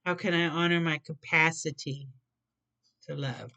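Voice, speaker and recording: Slow, rambling tarot reader. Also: medium pitch, steady tone, vocal fry, bright, forceful tone, muffled recording. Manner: rambling, repeats and plays with words, trips over some. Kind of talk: casual tarot card reading.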